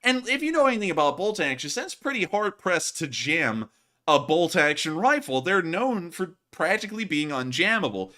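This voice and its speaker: A man hosts a casual livestream. His voice sits a little high and sounds bright and forceful. He tells stories in an animated way and keeps saying y'all. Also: normal speed. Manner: animated storyteller, says y'all. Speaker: host of a war news livestream.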